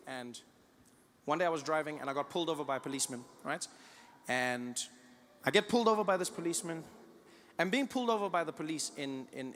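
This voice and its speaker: A man from South Africa performs stand-up, his voice pitched fairly high for a man. He tells stories with animated delivery and slips into the voices of the people in them. A faint hum of ambience lies under the set. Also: long reverb tail. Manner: animated storytelling, acts out voices. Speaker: stand-up comedian. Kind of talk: stand-up routine.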